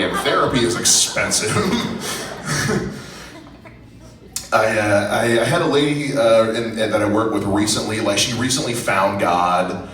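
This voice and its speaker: A man's voice: lowish voice, a bit bright, recorded from a distance. A young man doing a profane, self-deprecating stand-up set on a comedy club stage. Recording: roomy club sound from afar, faint noise.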